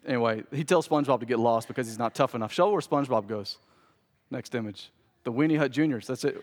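Emphatic preaching man in an echoing church. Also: medium pitch. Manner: emphatic and humorous, with dramatic pauses. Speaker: pastor. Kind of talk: sermon. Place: church sanctuary. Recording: long church-hall reverb.

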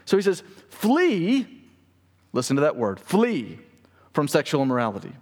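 Male pastor, mid pitch, chatty preaching style, long hall reverb. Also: very animated, fast. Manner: conversational preaching with asides to the congregation. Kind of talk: sermon.

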